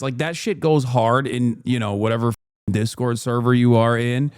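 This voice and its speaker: A man's voice: mid-range voice, steady tone, normal speed, darkish tone, no room sound, clean studio sound. A man streaming casual reaction commentary on a debate clip, blunt, slangy and incredulous.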